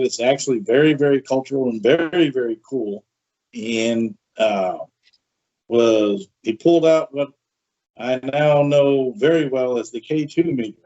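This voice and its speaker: A man hosting a podcast tells a story in a chatty, animated way, full of asides. His voice sits at an ordinary middle pitch. The recording sounds dull and lo-fi. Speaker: podcast host. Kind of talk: casual storytelling.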